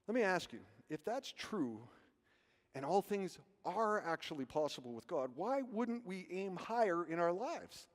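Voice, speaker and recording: Pastor guy preaching, high voice, lots of rhetorical questions, echoey church hall. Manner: animated storytelling, rhetorical questions. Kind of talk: sermon. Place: church sanctuary. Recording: reverberant hall.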